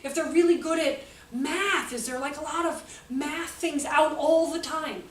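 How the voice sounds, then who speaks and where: A woman's voice: high voice, unhurried. A woman giving an informal teaching talk to teachers, chatty and self-mocking, telling funny stories from her classroom. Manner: chatty, joking, self-mocking, lively storytelling. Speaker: workshop presenter for teachers. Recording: echoey room from far off, faint background noise.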